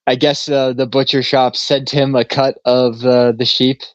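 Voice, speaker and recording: A man's voice: mid-range voice, level tone, a little slow, no echo, highs cut off. A man co-hosting a podcast in casual chat, telling a long story in a rambling way and laughing often. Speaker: podcast co-host.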